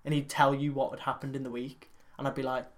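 A man's voice: mid-range voice, little pitch movement, quick pace. Rambling, opinionated young-sounding man. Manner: rambling, opinionated, laughs often. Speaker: podcast co-host. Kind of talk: casual chat.

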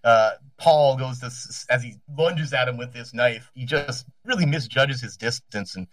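A man's voice: medium pitch, normal speed, fairly bright tone. A man runs a tabletop game, describing the scene in a rambling way and correcting himself as he goes. He is recorded from some distance from the mic, with a dry, close sound and no room echo. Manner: rambling, self-correcting, laughs often. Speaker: game master.

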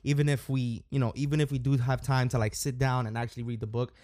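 A man's voice: medium pitch, level tone, fast talker, darkish tone, dry recording, studio quality. A man hosting a podcast, talking casually and rambling, with lots of fillers and restarts. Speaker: podcast host.

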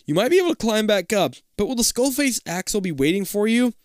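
A man's voice: high-pitched, sing-song, fast talker, dry recording, studio quality. A man reading a choose-your-path book aloud to a friend, breaking off to joke, swear and laugh.

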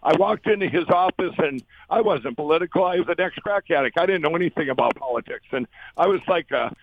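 A man's voice: expressive, fast talker, dry recording. A man telling his story as an interview guest, earnest and rambling, acting out quoted voices. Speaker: guest, company founder. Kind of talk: conversational storytelling. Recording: dull, dry low-fi sound.

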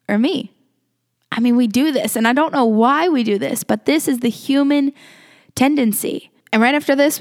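Earnest woman preaching with a higher voice. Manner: conversational and earnest, with filler words. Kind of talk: sermon.

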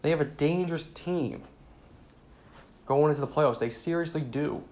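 A man's voice: fairly high pitch, moderate pace, darkish tone. Casual man talking football. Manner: conversational, repeats points, frequent "you know". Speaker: sports commentator.

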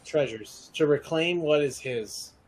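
A man narrating as game master in a relaxed, chatty way, with frequent fillers. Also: fairly high pitch, unhurried, rough recording.

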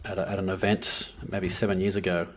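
A man's voice: deep voice, little pitch movement, a little fast. A man who is a podcast guest, talking in an earnest, reflective way with many restarts. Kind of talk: casual podcast conversation.

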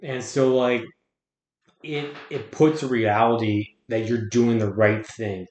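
A man's voice: medium pitch, steady tone, takes it slowly, a little mellow. A man talking as a podcast guest, earnest and reflective, often restarting his words. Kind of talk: casual conversation. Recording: roomy echo.

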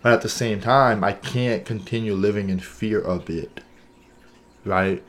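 A man's voice: fairly low pitch, a little slow, a bit bright. A man co-hosting a podcast in casual chat, earnest and thinking aloud, often checking in with "right?". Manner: earnest, thinks aloud with many "right?" and "you know what I'm saying?". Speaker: podcast co-host.

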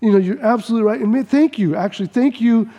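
A man voicing a humble male employee who softly and eagerly agrees and thanks his boss. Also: extremely high pitch, rapid-fire, highs cut off. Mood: grateful.

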